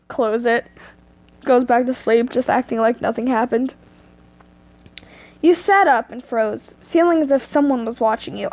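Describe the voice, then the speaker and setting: A woman's voice: fairly high pitch, measured pace, pauses often, a little mellow. A teenage girl reading fanfiction aloud at home on an earphone mic, chatty and giggly, with self-mocking asides.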